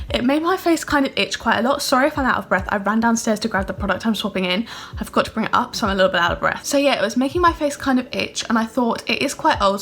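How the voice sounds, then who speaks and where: A woman in her twenties talks through her makeup in a rapid, chatty stream, her voice sitting a little high. She fills her sentences with casual asides. It is recorded on a phone in her bedroom. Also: fairly bright tone. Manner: chatty, upbeat, lots of fillers like "like" and "kind of". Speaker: beauty vlogger. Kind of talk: casual chatty product review. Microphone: phone camera.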